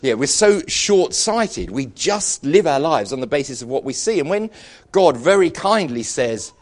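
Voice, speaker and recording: Brief: male pastor, middle-aged, animated sermon storyteller, wry humour, very expressive pitch. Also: normal speed. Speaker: preacher.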